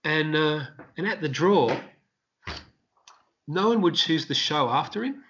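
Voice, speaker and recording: An Australian man, a street performer, telling rambling, animated anecdotes in a casual interview. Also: a little high, measured pace, dull audio, a little hiss or hum.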